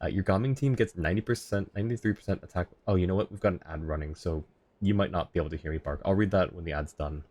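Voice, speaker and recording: A man's voice: low-pitched, fast, darkish tone. A man streaming a game, chatting casually with viewers, rambling and laughing often. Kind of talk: casual live-stream chat.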